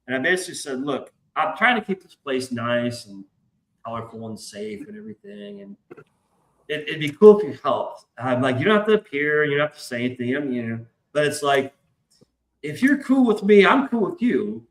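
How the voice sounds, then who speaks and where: This man's pitch sits fairly high and swings widely while he talks at a normal speed. Hosting a podcast, he spins a casual, profane story and performs the voices in his quotes, all with a roomy echo.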